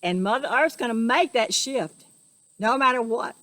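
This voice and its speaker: A woman's voice: fairly high pitch, animated, moderate pace, sharp tone, dry recording. A woman giving an earnest, emotional spiritual monologue, preaching and repeating herself. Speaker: spiritual vlogger.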